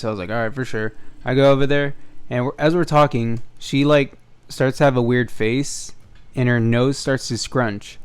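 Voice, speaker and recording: A man's voice: medium pitch, normal speed, clean tone. A young man hosting a storytime video, casually recounting a tale over gameplay, acting out the dialogue and swearing freely. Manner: animated retelling, acts out dialogue, frequent swearing. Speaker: storytime gaming channel host.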